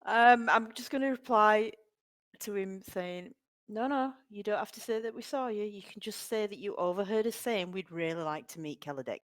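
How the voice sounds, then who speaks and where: Woman player, calm, matter-of-fact, mid pitch, dry close sound. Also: normal speed, no room sound. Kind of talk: casual game chat.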